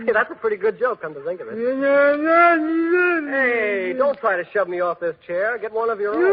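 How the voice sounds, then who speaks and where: A man's voice: very high voice, heavily acted. An actor playing a fearless, cocky young man who jokes his way through everything, in 1940s radio acting style, with a breezy, slangy manner. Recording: dull hissy old radio recording.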